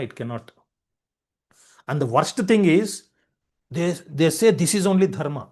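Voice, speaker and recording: A man's voice: fairly high pitch, darkish tone. A man giving a spiritual lecture, explaining each point through repeated everyday examples. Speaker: spiritual teacher.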